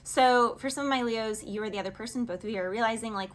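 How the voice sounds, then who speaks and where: A woman's voice: fairly high pitch, quick pace. A woman giving a casual tarot reading, talking in a chatty, rambling way and acting out little back-and-forth arguments. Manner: rambling, chatty, paraphrases song lyrics in dialogue. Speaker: tarot reader.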